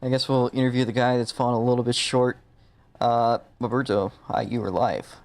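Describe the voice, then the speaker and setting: A man's voice: mid-range voice, fairly even intonation, a little fast, gravelly. A man hosting a racing stream who interviews drivers in a joking, offhand way. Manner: joking, offhand, loose questions. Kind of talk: casual live-stream interview.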